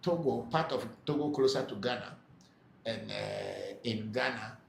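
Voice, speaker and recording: Gravelly man hosting a live Q&A. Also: medium pitch, measured pace. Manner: hesitant, many filler sounds, explanatory. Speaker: spiritual teacher hosting a live Q&A. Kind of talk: live Q&A, reading out comments. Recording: echoey room with faint background noise.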